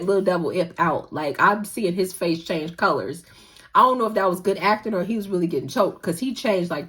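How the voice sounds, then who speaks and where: A young woman hosting a casual recap show, animated and gushing, laughing often as she retells scenes. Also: medium pitch. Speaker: podcast host recapping a drama.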